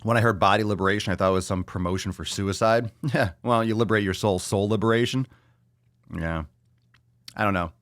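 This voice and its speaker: Fairly low in pitch and fairly quick, this man's voice has a somewhat bright tone, captured at studio quality with no room sound. He hosts a solo podcast, delivering a blunt, sarcastic, heavily profane rant with repeated lines for emphasis, then answering questions from listeners.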